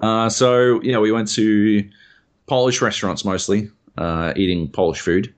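A man's voice: fairly low pitch, a little slow. A young Australian man, a podcast co-host, rambling through a casual chat and swearing freely.

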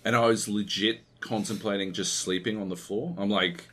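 A man's voice: on the low side, fairly even intonation, moderate pace, few pauses, a bit bright, slightly rough. Sweary man telling a rambling story. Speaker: podcast host. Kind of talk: casual chat.

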